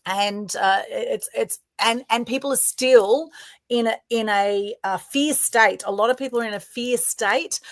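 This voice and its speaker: A woman's voice: a little high, measured pace, no room sound. A woman from Australia with an Australian accent, co-hosting a live-stream chat and answering her guest in a casual, affirming way. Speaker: co-host. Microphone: video call.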